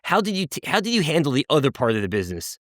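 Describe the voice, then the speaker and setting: A man's voice: on the high side, wildly swooping pitch, racing, a bit bright, no echo, clean studio sound. A man hosting a podcast interview who asks questions and affirms his guest enthusiastically.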